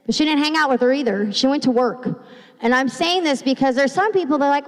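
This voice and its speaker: A woman's voice: high-pitched, brisk. A middle-aged woman pastor preaching a sermon in a chatty, conversational way, acting out quoted voices. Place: church sanctuary. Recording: long hall reverb.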